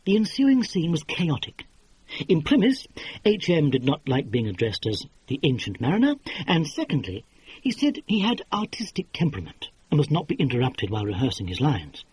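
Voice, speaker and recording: A man reading a classic mystery novel aloud as an audiobook, in an expressive style. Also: a little high, normal speed, husky, no room sound. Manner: expressive, acted. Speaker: audiobook narrator. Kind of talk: scripted narration.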